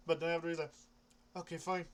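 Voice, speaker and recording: Rambling young man, slightly high voice. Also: little pitch movement, fast talker. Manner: rambling, hesitant, with many restarts and casual swearing. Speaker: comic book vlogger. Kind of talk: rambling casual chat.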